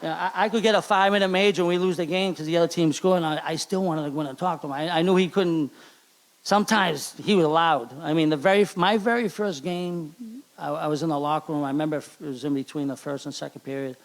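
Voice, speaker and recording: A middle-aged man with a Boston accent giving an emotional hall of fame acceptance speech at a banquet, halting and repeating words. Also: fairly high pitch, steady tone. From Charlestown, Boston.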